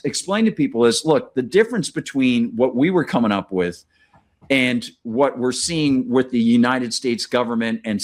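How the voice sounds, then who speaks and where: A man hosting a casual podcast conversation, talking in long rambling stretches with many restarts and fillers. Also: medium pitch. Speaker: podcast host.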